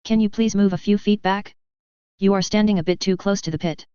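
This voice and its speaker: A synthetic-sounding narrator voicing a polite male mech pilot speaking to his commander in a flat tone. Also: mid-range voice, brisk, clean tone, dry recording, lightly acted. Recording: dull, muffled audio.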